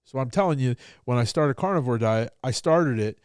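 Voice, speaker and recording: Smooth-voiced blunt podcast host, a man. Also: mid-range voice, a little fast, no echo, clean studio sound. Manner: blunt and profane, animated, acting out both sides of a dialogue. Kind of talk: casual conversational storytelling.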